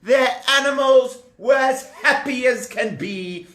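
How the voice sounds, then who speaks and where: Animated male storyteller for children with a high, bright voice, recorded in an echoey room. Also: takes it slowly. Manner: lively, animated, talks directly to the children with props.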